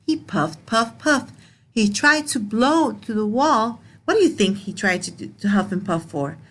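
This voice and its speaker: Slow, patient woman teacher reading aloud. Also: mid-range voice, lively intonation. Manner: slow, repeats and explains words, asks questions. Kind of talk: reading a picture book aloud to children.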